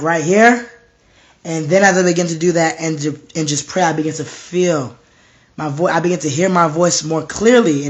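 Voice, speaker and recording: A young man preaching informally at home, slightly hoarse, intense and repetitive, dropping to hushed tones when he quotes himself or God. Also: a little high. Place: home room.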